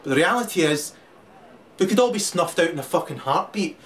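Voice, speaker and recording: A man delivering a profane ranting monologue, often laughing and shouting. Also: on the high side, animated, brisk. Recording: distant mic with crowd chatter and noise.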